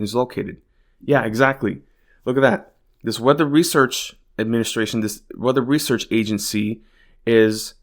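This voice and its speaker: Exasperated, profane male podcast host. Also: lowish voice. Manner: exasperated, profane, many fillers like "like" and "you know". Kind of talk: casual political commentary.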